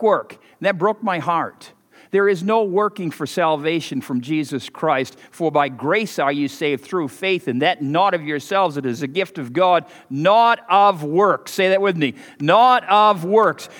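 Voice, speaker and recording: A man preaching a sermon as pastor, telling folksy stories and leaping higher and louder for emphasis. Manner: folksy storytelling, swings loud and high for emphasis. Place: church sanctuary. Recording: preached in a hall with long reverb.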